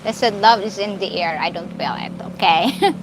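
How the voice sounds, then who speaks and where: A woman's voice: mid-range voice, moderate pace, noisy background. A woman with a Filipino accent hosting a casual live stream, greeting viewers by name and laughing often. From Philippines.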